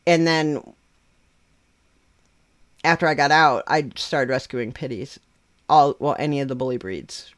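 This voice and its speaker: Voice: medium pitch, measured pace, long pauses, fairly bright tone. A livestream host who chats casually and bluntly, swearing freely and laughing often.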